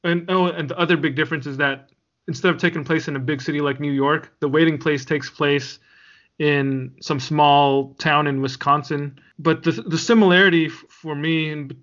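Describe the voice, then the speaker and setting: Recorded with dull, lo-fi sound, a man with a fairly high, slightly bright voice co-hosts a podcast. He chats casually and laughs easily.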